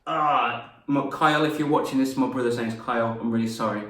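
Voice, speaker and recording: A young man, a confidence coach and former teacher, telling stories in a lively lesson to camera and acting out voices as he goes. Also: mid-range voice, brisk, recorded from a distance. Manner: animated, laughs at his own stories, acts out voices. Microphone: camera mic. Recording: roomy echo, mic set back.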